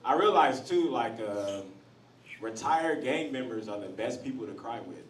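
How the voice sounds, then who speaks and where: Animated stand-up comic in a roomy club. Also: male voice, medium pitch, normal speed, background noise. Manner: storytelling, acts out voices, shouts punchlines. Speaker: stand-up comedian. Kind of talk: stand-up comedy set. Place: comedy club stage with audience. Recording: roomy, distant club recording with crowd laughter.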